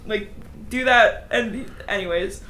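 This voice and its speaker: A woman's voice: mid-range voice, a bit bright. A woman co-hosting a podcast, casually recapping a book and briefly acting out the characters' lines. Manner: quick retelling with brief acted-out cat voices. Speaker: podcast co-host.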